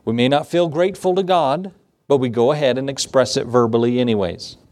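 A man's voice: mid-range voice, a little fast, a little mellow. A man, a pastor, giving a conversational sermon with laughs and acted asides. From United States.

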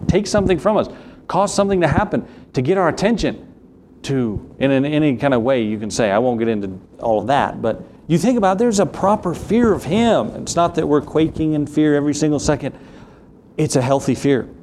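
A preacher with a Southern US accent speaks at a mid-range pitch, talking to his congregation in a relaxed, folksy way. He reads scripture in old-fashioned King James wording. A faint hum of room ambience sits behind him. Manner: conversational preaching with folksy asides. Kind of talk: sermon.

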